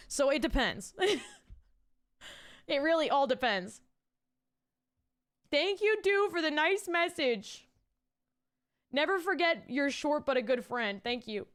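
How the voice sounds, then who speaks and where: A woman's voice: a little high, a bit bright. A young adult woman, streaming and chatting casually, bubbly and rambling as she thanks her chat.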